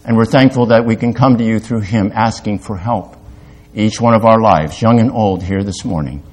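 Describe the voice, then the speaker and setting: An older man preaching a sermon as pastor, halting at times, rising to loud emphatic peaks and dropping to quiet, confessional lows.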